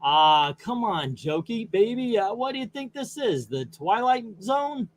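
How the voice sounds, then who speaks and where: A slick showbiz devil who schmoozes with drawn-out endearments, as a man reading a comic aloud puts him on. The voice sits somewhat higher than the reader's own. The talk rolls along like lounge patter. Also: sing-song. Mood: teasing. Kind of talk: comic book read-aloud.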